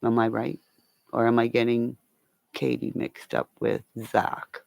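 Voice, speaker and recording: This Canadian woman from Northern Ontario takes her time rambling on a livestream chat, her low, gravelly voice full of fry, a little mellow, with a flat delivery. She swears openly and calls viewers by name and endearment, recorded dry and close with no room sound.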